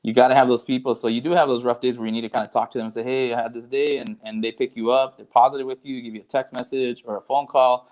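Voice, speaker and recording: A man's voice: medium pitch, level tone, quick pace, few pauses, a little mellow. A man speaking as a panel guest on a video call, grateful and repeating words as he talks. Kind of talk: casual video call sharing.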